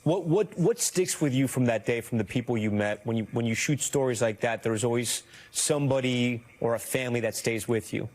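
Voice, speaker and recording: A male news anchor narrating a report and interviewing a guest in a measured, conversational way. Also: medium pitch, darkish tone.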